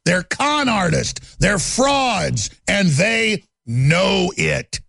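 A man's voice: high voice, big pitch swings, slow, gravelly, few pauses, a bit bright, no echo. A man hosting a talk show, delivering a heated political monologue in a contemptuous, ranting way with stammered repeats.

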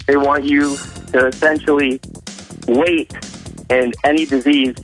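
A man's voice: medium pitch, level tone, unhurried, faint music behind, low-quality recording. A man calling in to a radio show, earnestly running through his points. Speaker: caller. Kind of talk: phone-in call.

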